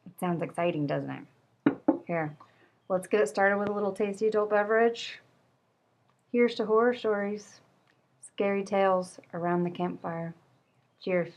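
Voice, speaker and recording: A woman's voice: mid-range voice, steady tone, moderate pace, pauses often, slight background noise. A woman hosting a casual book review video, chatty and rambling, poking fun at herself. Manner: chatty, rambling, self-deprecating. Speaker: book vlogger.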